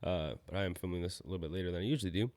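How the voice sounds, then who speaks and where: A man's voice: deep voice, racing, darkish tone. A young man hosting a casual solo podcast, rambling and upbeat, sounding a little tired. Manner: rambling, loses his train of thought, upbeat about skateboarding. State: tired, yawning. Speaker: podcast host.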